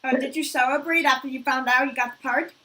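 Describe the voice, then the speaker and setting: A woman's voice: sits high, fairly even intonation, quick pace, pushed and bright. A woman interviewer asking brief, polite questions. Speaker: interviewer host.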